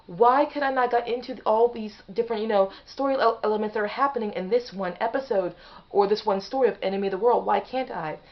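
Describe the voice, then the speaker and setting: A woman's voice: mid-range voice, quick pace. A woman talking straight to camera in a casual opinion vlog, rambling and often restarting her sentences. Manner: rambling, restarts and self-corrections. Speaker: vlogger. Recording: slightly dull lo-fi audio.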